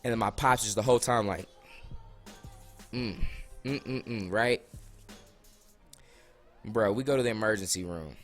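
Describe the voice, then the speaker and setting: A man's voice: on the low side, moderate pace, pauses often, soft background music. A young man in casual, slangy storytime, losing his voice a little. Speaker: vlogger.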